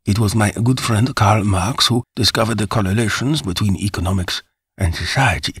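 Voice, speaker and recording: A man voicing an elderly German theorist with a German accent, speaking formally and with measured humility. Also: lowish voice, fairly bright tone, husky, no room sound, clean studio sound. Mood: humble. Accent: German, put on.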